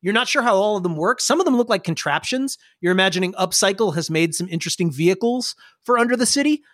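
A game master narrating a tabletop game in a chatty, animated way. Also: medium pitch, fast talker.

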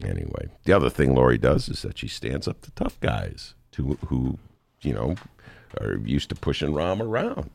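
A man hosting a talk radio show, giving lively, mocking political commentary and laughing often. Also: rumbling low, normal speed, vocal fry, dry recording.

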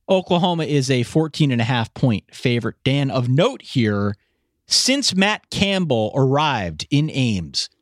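A man's voice: a little high, no echo, studio quality. A man co-hosting a casual sports podcast, leading the segments and making picks. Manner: animated, leads the segments. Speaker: podcast co-host.

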